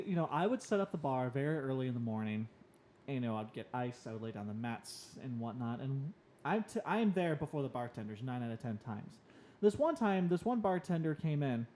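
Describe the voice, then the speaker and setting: A young man co-hosting a casual podcast, telling personal stories and getting animated when he quotes himself. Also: medium pitch. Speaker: podcast co-host on the autism spectrum.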